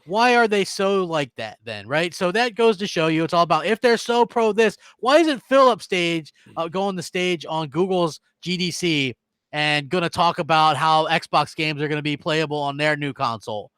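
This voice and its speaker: Fired up guy ranting on a gaming podcast, kinda high voice, dry mic. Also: moderate pace, fairly bright tone, clean tone, dry recording. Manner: fired up, ranting, rhetorical questions. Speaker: podcast co-host. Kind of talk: heated gaming podcast chat.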